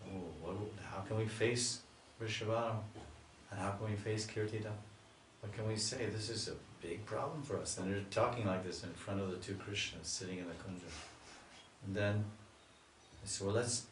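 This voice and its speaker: Swami guy telling devotional tales slowly, roomy echo, faint ambience behind. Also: on the low side, slight background noise. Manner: slow, lingering, animated storytelling. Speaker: swami giving a spiritual talk. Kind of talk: devotional storytelling sermon. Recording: echoey room, mic far off.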